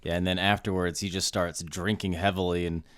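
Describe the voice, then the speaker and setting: A man's voice: sits low, flat delivery, fairly quick, a bit bright, clean tone, no room sound, clean studio sound. A male podcast co-host in casual chat, joking, swearing and mimicking characters.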